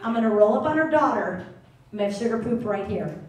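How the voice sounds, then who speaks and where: A woman's voice: medium pitch, animated, fast, darkish tone. A woman performing a stand-up comedy set, telling stories in a brash, profane way on a live theater stage. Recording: echoey theater, mic at a distance.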